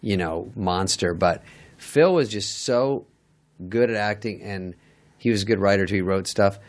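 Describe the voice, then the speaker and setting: A man's voice: fairly low pitch, moderate pace. A middle-aged man, a guest comedian, telling stories casually in a dry, wry, self-deprecating way. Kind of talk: casual storytelling with acted quotes.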